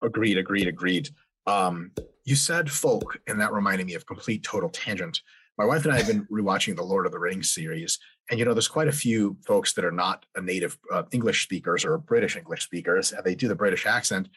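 A man's voice: low-pitched, a little fast, a bit bright, slightly rough. A man hosting a podcast interview, talking casually with joking, profane asides. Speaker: podcast host.

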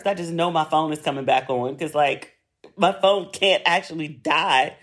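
A woman's voice: deep voice, normal speed. Chatty woman telling a story. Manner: chatty and expressive, swears freely, uses "like" often. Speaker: podcast host. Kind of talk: casual storytelling monologue.

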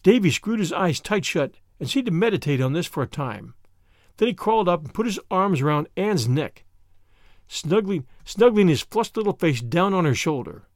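A man hosting a podcast and narrating a classic novel aloud with lively, expressive reading and voices for each character. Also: sits high, moderate pace, dry recording, studio quality. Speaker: audiobook reader and podcast host.

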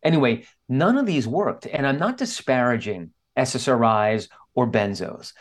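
A man's voice: medium pitch, lively intonation, moderate pace. A man speaking as an interview guest, telling a candid personal story in an earnest, openly emotional way. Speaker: guest author.

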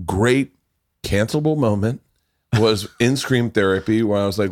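A middle-aged man hosting a podcast, telling stories in a loose, profane, animated way. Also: on the low side, moderate pace. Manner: animated, profane, laughing storyteller. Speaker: podcast host. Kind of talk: casual storytelling chat.

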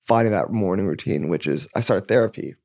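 A young man from California talks very quickly in a loose, rambling way. He fills his speech with "like" and curses, and he acts out his own past conversations. The sound is dry and close, with no room echo. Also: low voice, creaky, warm tone. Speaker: musician guest. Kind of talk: candid casual chat.

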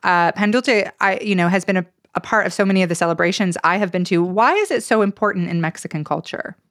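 A woman's voice: mid-range voice, fast talker, fairly bright tone, no echo. Chatty podcast host woman, dry sound. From Idaho. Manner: chatty, often trails off with "like" and "uh". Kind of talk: casual podcast chat.

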